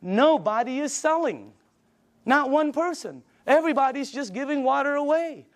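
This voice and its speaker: Energetic high-voiced older man pitching a business. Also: normal speed. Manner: energetic, emphatic, acts out phone conversations. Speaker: business presenter. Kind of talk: sales presentation.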